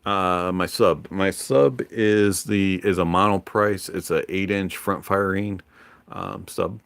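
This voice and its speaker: A man hosting a livestream in a relaxed, rambling manner, pausing often on fillers. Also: deep voice, creaky, clean tone, no room sound. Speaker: livestream host. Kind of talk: casual livestream chat.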